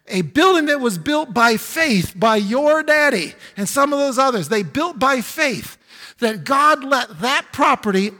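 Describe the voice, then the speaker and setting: A man's voice: very high voice, pushed and bright, big-room sound. A man pastor preaching a sermon, building to emphatic exclamations. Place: church sanctuary.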